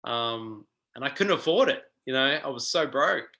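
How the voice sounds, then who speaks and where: A middle-aged Australian man telling stories as a guest in a casual interview, animated and full of ums. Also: medium pitch, normal speed, poor audio. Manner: animated, acts out quoted voices, frequent ums. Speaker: guest guitarist.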